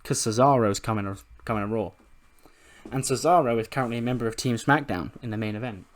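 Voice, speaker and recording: A man's voice: medium pitch, quick pace. Swearing, laid-back male game commentator. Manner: casual, swears freely, laughs. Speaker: gaming video host.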